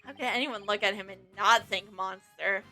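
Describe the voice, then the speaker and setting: A woman's voice: mid-range voice, fairly even intonation, normal speed, sharp tone, faint music behind. A woman streaming a game live, reading its dialogue aloud in a playful, giggly way.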